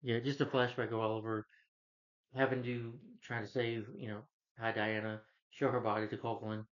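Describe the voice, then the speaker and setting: A man's voice: on the low side, flat delivery, moderate pace. A man casually recapping TV episodes, rambling and retelling scenes with lots of filler phrases. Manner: rambling, retells dialogue with many "he's like" and "you know". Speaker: video creator recapping a TV season. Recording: slightly dull lo-fi recording.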